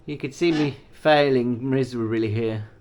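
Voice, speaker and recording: A man's voice: mid-range voice, moderate pace, a little mellow. A man chatting to his pet bird in a vlog, with playful baby talk and cheering. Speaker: pet owner and channel host.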